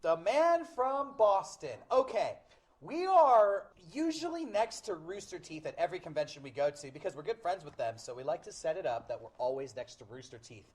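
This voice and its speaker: A man's voice: fairly high pitch, sing-song, brisk, husky. A middle-aged man hosting a livestream, telling a convention story animatedly and acting out voices. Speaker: animation show host.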